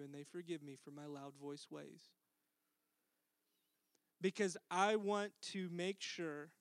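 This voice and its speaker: Earnest preacher man, high clear voice. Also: no room sound. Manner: earnest, drops to a soft hush for tender lines. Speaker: pastor. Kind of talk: sermon.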